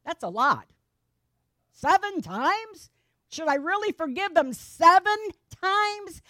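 A woman's voice: very high voice, sing-song, takes it slowly, sharp tone, no echo, clean studio sound, voice pushed up, heavily acted. A woman voicing an anxious, incredulous male apostle in a sermon retelling, repeating questions in disbelief.

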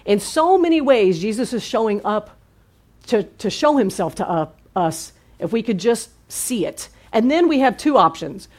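A woman preaching in a relaxed, conversational way. She keeps checking in with the room through quick questions. Her delivery stays lively and engaged. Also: on the high side. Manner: lively, asks the audience questions. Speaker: pastor. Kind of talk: conversational sermon.

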